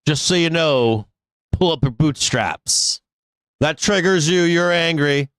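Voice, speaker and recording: A middle-aged man talks casually and bluntly, swearing often with a sarcastic edge, in a voice pitched a little high for a man. The recording is dry and close, with no room sound around him. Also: slow, a bit bright, clean tone, dry recording. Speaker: live trading stream host. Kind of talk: casual live-stream rant.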